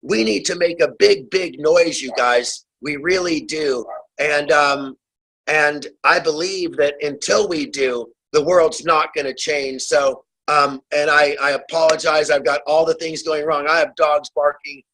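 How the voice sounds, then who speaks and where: A man's voice: on the high side, steady tone, measured pace, fairly bright tone, a little hiss or hum, poor audio. A man speaking as a guest author on a remote call, urgent and fiery, appealing straight to his listeners. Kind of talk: impassioned advocacy talk.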